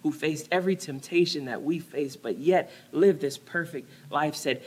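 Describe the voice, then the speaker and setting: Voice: mid-range voice, moderate pace, few pauses, darkish tone, breathy edge. A pastor preaching a conversational sermon, often dropping to a near-whisper on key words.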